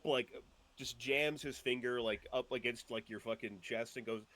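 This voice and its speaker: A man's voice: medium pitch, moderate pace. A man playing a tabletop game who narrates his character's actions with laughter and swearing. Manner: laughing, profane, animated storytelling. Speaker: player.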